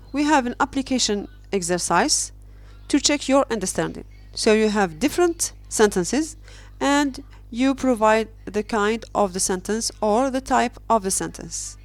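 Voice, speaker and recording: A woman's voice: a little high, no room sound. Woman, grammar lesson, careful repetition, dry close sound, faint music bed. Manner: slow, careful, repeats example sentences. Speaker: English teacher.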